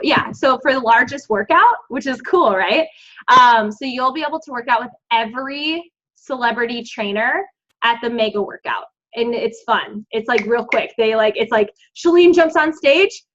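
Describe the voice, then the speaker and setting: A woman's voice: high-pitched, a bit bright. A woman giving her team an encouraging, chatty pep talk, full of "like" and "um". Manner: bubbly and encouraging, lots of "like" and "um". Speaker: team coach leading a group call. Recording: dull lo-fi sound.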